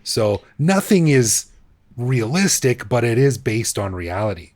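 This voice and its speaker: A man co-hosting a casual podcast, telling stories in a relaxed, chatty way. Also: mid-range voice, measured pace, no room sound. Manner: relaxed, chatty storytelling with fillers. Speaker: podcast co-host.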